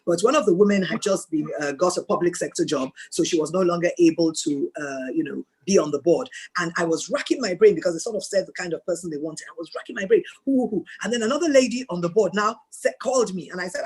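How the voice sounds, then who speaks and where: A Nigerian woman speaking as a guest on a mentoring video call, telling lively stories and acting out the dialogue. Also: lowish voice, fast, few pauses, husky. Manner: animated storytelling, acts out dialogue. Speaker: guest speaker and board chair.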